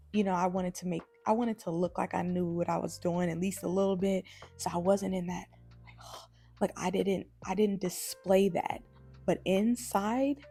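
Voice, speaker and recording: A young woman tells a travel story in a loose, chatty vlog style, her voice gravelly and mellow. She sits a little low in her pitch. Soft music plays faintly behind her. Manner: chatty, animated, many "like"s. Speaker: travel vlogger.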